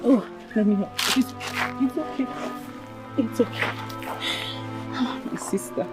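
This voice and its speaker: An actress with a Nigerian accent playing a gentle young woman softly comforting a grieving friend. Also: on the high side, a little slow, music in the background, close to an everyday voice. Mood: tender. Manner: soft, pleading, soothing.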